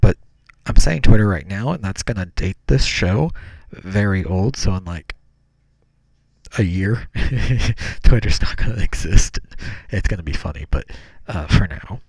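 A man's voice: low voice, lively intonation, unhurried, gravelly, a little mellow, slightly rough, no echo. A young man hosting a solo podcast, meandering with fillers and self-corrections, in a small room on a podcast mic. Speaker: podcast host. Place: small room, talking into his hand. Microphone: podcast mic cupped by hand.

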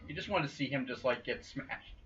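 A man in casual movie chat, animated and often laughing. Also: medium pitch, fairly quick. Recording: lo-fi muffled recording.

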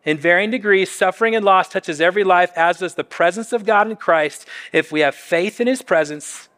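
A man's voice: high-pitched, brisk, fairly bright tone. A middle-aged man preaching a sermon as a pastor, earnest and conversational, often restarting his phrases.

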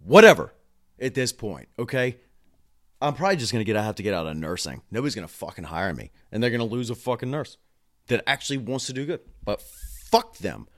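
A frustrated man rants into a camera at home, cursing freely and swinging between quick muttered asides and loud outbursts. His pitch sits in a middle range, and his delivery is raw and unscripted, like a vlog recorded on the spot. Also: sing-song. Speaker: home health nurse venting on camera. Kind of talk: angry ranting vlog.

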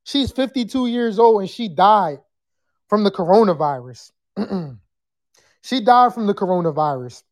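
Podcast host, live call-in chat, loud, animated, casual and profane, screams now and then. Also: medium pitch, unhurried.

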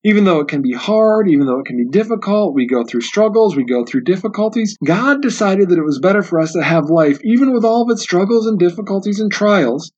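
A man's voice: sits high, lively intonation, brisk, hardly any pauses, a little mellow. A man hosting a book discussion podcast, talking earnestly and often repeating himself as he thinks aloud. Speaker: podcast host. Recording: dull lo-fi sound.

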